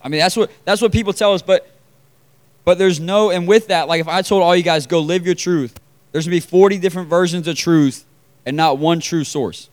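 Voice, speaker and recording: Smooth-voiced young man giving a casual sermon. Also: high voice, a little fast. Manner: conversational, lots of fillers, asks the crowd questions. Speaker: preacher. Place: meeting room with about forty people.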